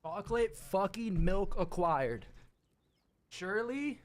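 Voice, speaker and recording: A hoarse young man chatting casually and crudely while streaming a game, joking at his own expense. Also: high voice, animated, slow. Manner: profane, joking, self-mocking. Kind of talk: casual live gaming stream chat.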